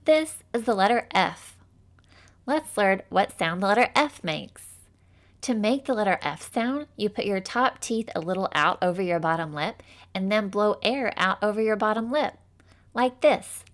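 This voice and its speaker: A woman teaching a children's phonics lesson in a slow, scripted way. She is upbeat and encouraging, praises often, and sounds out letters with careful, exaggerated enunciation. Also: medium pitch, expressive, fairly bright tone.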